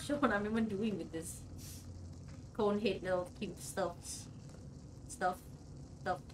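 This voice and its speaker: A woman giving chatty, excitable let's-play commentary, swearing now and then and talking to the characters on screen. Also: on the low side, recorded from a distance, noisy background. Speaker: gaming video creator.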